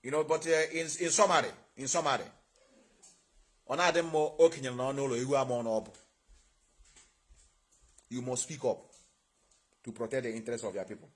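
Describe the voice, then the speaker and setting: A man's voice: medium pitch, fairly quick, long pauses, breathy edge. A man with a Nigerian accent hosting an impassioned livestream, preaching and asking his viewers rhetorical questions. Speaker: online show host.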